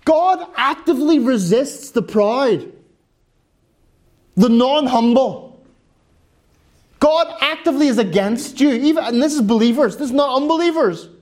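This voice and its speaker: A man's voice: very high voice, animated, measured pace, pauses often, darkish tone. A pastor preaching a sermon to his congregation, earnestly exhorting and repeating phrases for emphasis.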